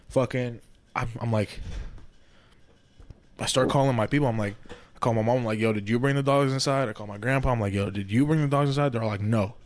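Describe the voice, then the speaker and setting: A man co-hosting a podcast, telling a long story in a casual, animated and profane way, often asking "you feel me". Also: lowish voice. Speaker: podcast co-host. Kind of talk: casual storytelling among friends.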